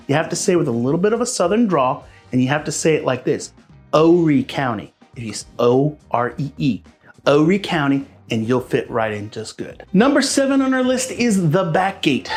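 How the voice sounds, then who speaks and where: Man from Pennsylvania, realtor, casual vlog, friendly, chatty, higher voice, faint music bed. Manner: friendly, chatty, addresses viewers as guys. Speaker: realtor and local vlogger. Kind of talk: casual advice vlog to camera.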